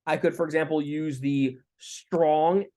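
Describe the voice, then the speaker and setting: A man's voice: fairly high pitch, unhurried. Man lecturing, casual with restarts. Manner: relaxed, thinking aloud with fillers and restarts. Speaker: instructor. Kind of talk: lecture with live coding.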